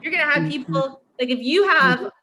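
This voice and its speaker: A tutor trainer from Pittsburgh gives a chatty training talk over a video call, telling anecdotes in an animated way with lots of "like." Her voice is high and moderately paced, with slight background noise.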